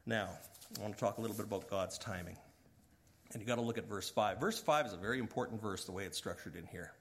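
A middle-aged male pastor preaching a sermon, swinging between loud emphatic rises and hushed, trailing low lines. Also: quick pace, a little hiss or hum.

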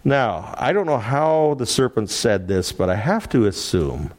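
A man teaching through a Bible passage, animated and laughing often as he acts out the quoted lines. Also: mid-range voice, unhurried.

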